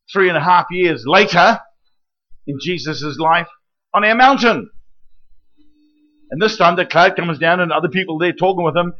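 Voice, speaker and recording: A man preaching a sermon in a lively teaching manner, often checking in with questions like "right?" and "okay?". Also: sits high. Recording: dull lo-fi recording.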